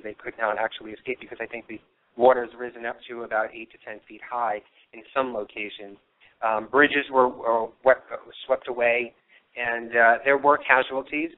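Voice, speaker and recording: Man hosting a live paranormal broadcast, tinny line. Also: mid-range voice. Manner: rambling storytelling with fillers. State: losing his voice. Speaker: paranormal radio show host. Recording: tinny phone-line sound.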